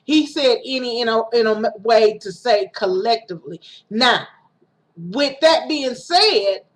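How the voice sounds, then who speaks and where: A woman's voice: fairly high pitch, expressive, a little slow. A woman giving a casual, self-recorded sermon, talking conversationally with restarts and acting out quoted lines. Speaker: preacher. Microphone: home recording setup.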